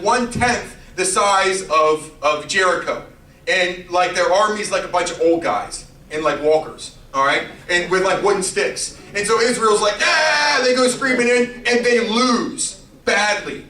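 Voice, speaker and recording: A man giving a youth sermon, telling a story in an animated, playful way with character voices. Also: sits high, a little slow, roomy sound, far from the mic, slight background noise, low-quality recording. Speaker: youth pastor.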